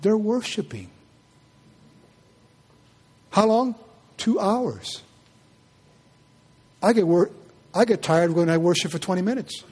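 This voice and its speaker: A pastor preaching a sermon, animated and firing rhetorical questions at his congregation. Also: high-pitched, slow, pauses often, breathy edge.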